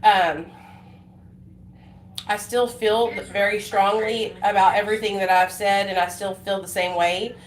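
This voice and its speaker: A woman's voice: mid-range voice, steady tone, measured pace. Give me a woman chatting emotionally on a livestream, in an echoey room with faint background noise. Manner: rambling, emotional, many fillers and restarts. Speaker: livestreaming vlogger. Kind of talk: casual live-stream chat.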